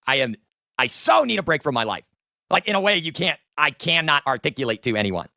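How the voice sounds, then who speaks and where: A man's voice: on the high side, very animated, fairly quick, gravelly, bright, forceful tone, no echo, clean studio sound. A man in his thirties ranting in a vlog monologue, profane, exasperated and self-pitying. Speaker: online video maker.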